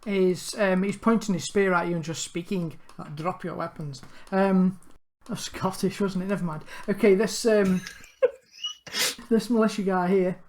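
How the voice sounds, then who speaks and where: A woman acting as game master, narrating a tabletop game and pausing often with fillers. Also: mid-range voice, fairly even intonation, a little mellow, slight background noise. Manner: halting, with many fillers.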